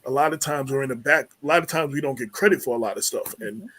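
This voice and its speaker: A man hosting a community radio talk show, speaking in a halting way with many fillers and repeated words. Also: mid-range voice, a bit bright, slight background noise.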